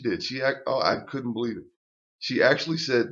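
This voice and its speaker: A man's voice: mid-range voice, big pitch swings, normal speed, long pauses, sharp tone. An older man telling a personal story to camera in a rambling, profane rant full of restarts. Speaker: channel host. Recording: dull lo-fi recording.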